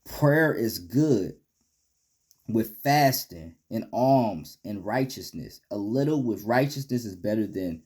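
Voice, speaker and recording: A man teaching a Bible lesson in casual street slang, reading verses aloud and ending many phrases with "man," shifting from loud rebukes to low, quiet asides. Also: expressive, slow pace. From United States.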